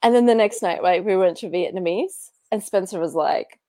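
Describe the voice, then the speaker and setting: Expressive Australian woman telling her story. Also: mid-range voice, normal speed, few pauses, no room sound. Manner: expressive, animated, drops to hushed whispers. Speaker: guest sharing a healing story. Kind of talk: emotional personal storytelling.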